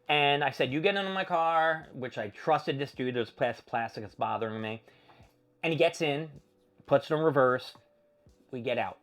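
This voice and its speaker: A young adult man hosting his own show, telling a story in a casual, animated way, swearing and acting out his own panicked shouts. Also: a little high. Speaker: podcast host.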